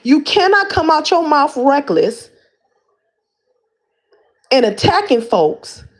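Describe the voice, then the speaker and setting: A woman's voice: sits high, very animated, takes it slowly. A woman hosting a livestream, calling out someone in a heated rant with lots of repeated words and restarts. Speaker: livestream host.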